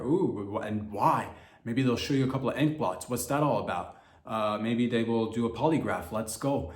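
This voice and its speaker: A man hosting a comedy podcast, rambling through a loose monologue, cursing freely and jumping into mock voices and loud outbursts. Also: medium pitch, normal speed, reverberant.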